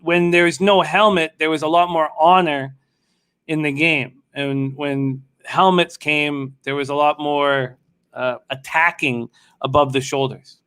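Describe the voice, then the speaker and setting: A man's voice: fairly high pitch, steady tone, measured pace, a bit bright, clean tone. A man hosting a live sports betting show, chatting loosely, swearing now and then while he places bets. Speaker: sports betting radio host. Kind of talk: casual live show chat.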